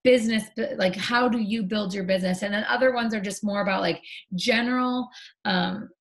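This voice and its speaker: A woman's voice: mid-range voice, fairly quick. A woman interviews a guest on a conference stage. She is effusive and full of praise, and her speech is sprinkled with "like.". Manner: gushing and effusive, lots of "like". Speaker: interview host.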